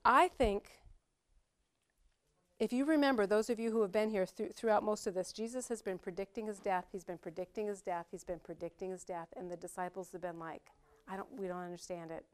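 A middle-aged woman leads a Bible study in a conversational way. She is chatty and animated, laughing now and then as she walks through the passage. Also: mid-range voice, brisk.

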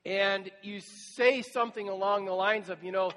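A man with a fairly high voice delivers a sermon from the pulpit. He speaks conversationally, slipping into imagined dialogues with struggling people. The sound carries a long church reverb. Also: fairly even intonation, normal speed, few pauses, a bit bright. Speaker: pastor.

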